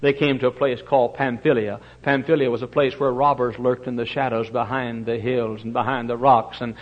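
A male pastor preaching a storytelling sermon, folksy and animated, with many fillers and sudden loud bursts. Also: medium pitch, a little fast, lo-fi sound.

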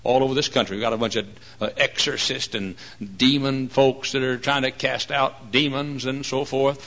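A man delivering a church sermon with a gravelly, rough edge to his voice. His tone is bright and forceful, and he keeps the preaching animated, breaking into shouts and acting out other people's words. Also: medium pitch, moderate pace, low-quality recording.

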